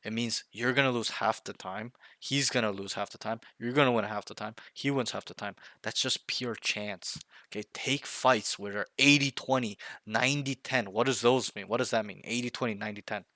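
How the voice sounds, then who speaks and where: A man's voice: lowish voice, fairly even intonation, moderate pace, hardly any pauses, pushed and bright, no echo, studio quality. A man coaching a player one on one, talking bluntly and intensely, with some swearing, and often checking in with "okay" and "right". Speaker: game coach.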